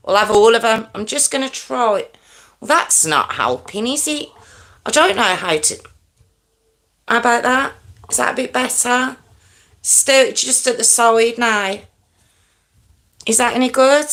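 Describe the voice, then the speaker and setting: A woman hosting a live stream from home, chatting excitedly with viewers and talking to herself as she adjusts her setup. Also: on the high side, a little slow, long pauses. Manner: excitable, chatty, talks to herself while fiddling with lights. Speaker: true crime live-stream host. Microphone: desk microphone.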